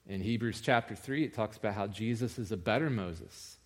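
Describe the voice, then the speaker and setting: A man preaching a sermon in a conversational way, rising in pitch and force for emphasis. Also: fairly quick.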